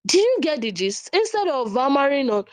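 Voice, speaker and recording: A woman's voice: high-pitched, big pitch swings, fairly quick, no room sound. A woman who gives parenting advice in a casual, earnest talk. She often laughs between points and restarts or repeats words as she goes.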